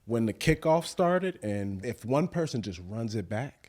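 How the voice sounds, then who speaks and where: A man's voice: medium pitch, sing-song, a little slow, a little mellow. A man co-hosting a podcast in loose casual chat, often saying "like" and swearing now and then. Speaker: podcast co-host.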